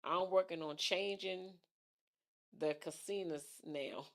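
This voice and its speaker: A woman's voice: on the low side, measured pace, pauses often. Chatty woman hosting a livestream. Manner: chatty, thinks aloud, repeats phrases, laughs easily. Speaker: livestream talk show host. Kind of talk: casual livestream chat reading viewer comments.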